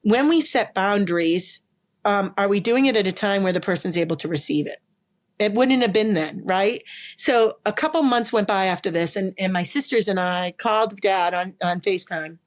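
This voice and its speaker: A woman who is a podcast guest and body language expert, telling a personal story in an emphatic, animated way, often repeating words. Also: mid-range voice, moderate pace. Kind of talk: conversational storytelling interview.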